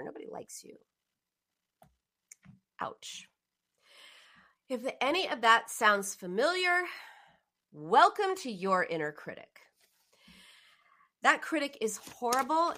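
A woman's voice: medium pitch, pushed and bright. A woman giving an earnest, emphatic motivational talk as a coach, acting out the words people say to themselves. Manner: earnest, emphatic, acts out quoted self-talk.

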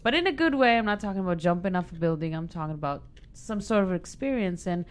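A woman from Israel tells her story as an interview guest, pitched a little low. She talks casually, restarts her sentences, and acts out the people she quotes. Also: lively intonation, quick pace. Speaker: guest, stand-up comedian.

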